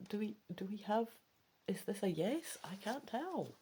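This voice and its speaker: A woman hosting a let's play, reading the rules of a gamebook aloud and thinking aloud between sections, often dropping into soft muttering. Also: mid-range voice, big pitch swings, measured pace, slight background noise.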